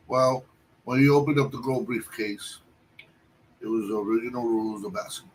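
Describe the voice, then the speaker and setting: A man telling a long personal story on a livestream, halting often and restarting his sentences. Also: medium pitch, little pitch movement. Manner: halting, with many restarts and fillers. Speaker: guest storyteller. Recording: distant mic with faint background noise.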